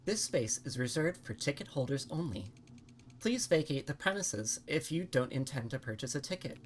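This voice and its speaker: A woman voicing an automated ticket kiosk that speaks in a flat, officious way. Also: extremely low pitch, normal speed, slight background noise. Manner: monotone, officious.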